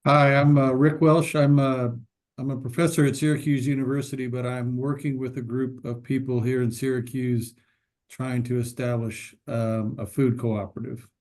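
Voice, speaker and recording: Man with a Virginia accent, flat delivery. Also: mid-range voice, normal speed. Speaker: professor. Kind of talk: self-introduction on a video call. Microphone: video call.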